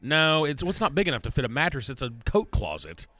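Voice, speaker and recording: A man's voice: fairly high pitch, wildly swooping pitch, quick pace, pushed and bright, dry recording. Laid-back man on sports talk radio. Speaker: co-host. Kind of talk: casual sports radio chat.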